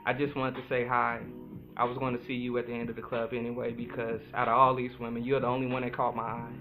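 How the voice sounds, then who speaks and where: A man playing a witty, self-mocking guy charming a woman at a club, speaking dry and sarcastic at a calm pace. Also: medium pitch, fast talker, voice pushed down, natural voice. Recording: phone-like sound with music behind.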